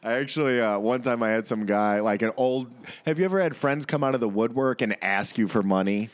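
A man's voice: medium pitch, brisk. A young man co-hosting a podcast, brash and crude, teasing in casual chat. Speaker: podcast co-host.

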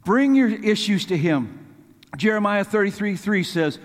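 A high-pitched man delivers an earnest sermon, his voice climbing into fervent pleading whenever he reads from scripture. The sound carries a long echo, as if it were recorded in a large hall. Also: big pitch swings, measured pace. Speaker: preacher.

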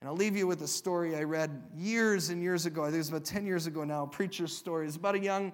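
A man with a notably high voice delivers a sermon. He tells a story to his congregation, swelling to emphatic peaks before easing into a soft, quiet close. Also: fast. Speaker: pastor.

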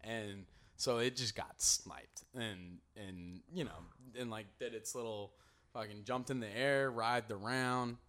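A man's voice: lowish voice, measured pace, fairly bright tone. A man hosting a podcast, telling a long story in casual chat. He rambles, says "like" constantly and swears freely. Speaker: podcast host.

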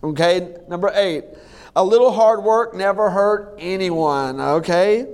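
Man, pastor, sermon, jokey, lots of ums and restarts, slightly high voice. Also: darkish tone. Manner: jokey, laughs often at his own jokes; halting, with many fillers and restarts. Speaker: lead pastor.

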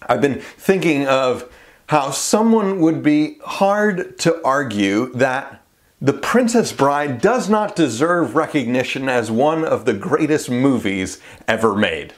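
A man preaching a sermon as pastor, earnest and conversational with playful asides. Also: a little high.

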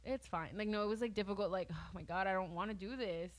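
A young woman in casual conversation, rambling through a story and peppering it with "like". Her voice sits at an ordinary pitch, easygoing and unpolished. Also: quick pace. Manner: chatty storyteller, heavy use of "like", frequent laughs. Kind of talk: casual chat.

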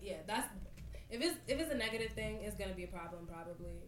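A woman's voice: mid-range voice, expressive, fast, roomy sound, slight background noise. A woman guest on a casual podcast, blunt and slangy, laughing as she talks.

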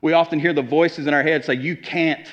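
Earnest male preacher, conversational delivery, a touch high, muffled recording. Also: level tone, quick pace. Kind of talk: sermon. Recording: dull lo-fi sound.

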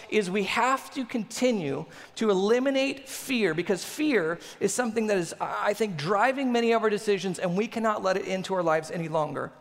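A man, preaching a sermon in an animated, conversational way with laughs. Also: high-pitched, big-room sound. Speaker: pastor.

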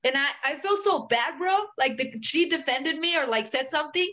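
A woman co-hosting a podcast, her voice high and girlish. She talks bluntly and swears freely in loose, casual chat. She laughs often as she goes. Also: expressive, normal speed, pushed and bright. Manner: profane, blunt, laughs a lot. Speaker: podcast co-host.

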